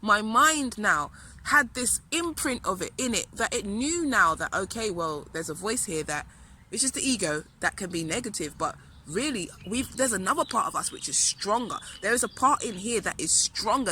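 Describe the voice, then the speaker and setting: A woman's voice: mid-range voice, animated, moderate pace, bright, forceful tone, slight background noise. A woman, a spiritual teacher telling a personal story in an earnest, emphatic way that keeps repeating phrases.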